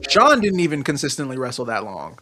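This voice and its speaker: A man's voice: medium pitch, a little fast, music in the background. A man co-hosting a casual wrestling podcast, telling stories with lots of laughter and now and then singing a line. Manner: animated storyteller, laughs often, sings snatches of songs. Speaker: podcast co-host.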